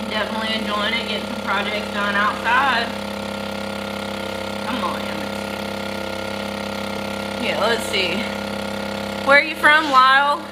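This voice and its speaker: A woman's voice: a little high, very noisy. A tired woman with a Southern accent chatting casually on a livestream from a barn, greeting viewers by name while she works. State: tired from lack of sleep. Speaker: goat farmer hosting a livestream. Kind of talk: casual live-stream chat.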